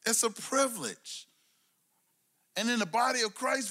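A middle-aged man from Brooklyn, preaching a sermon with call-and-response, swinging between loud emphasis and low asides. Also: unhurried, long pauses. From Brooklyn, New York. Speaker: pastor.

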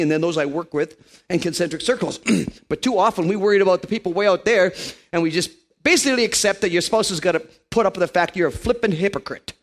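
A man in his fifties preaching a lively, joking sermon to a congregation in a church. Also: fairly high pitch. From Canada. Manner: animated, joking, playful put-on voices.

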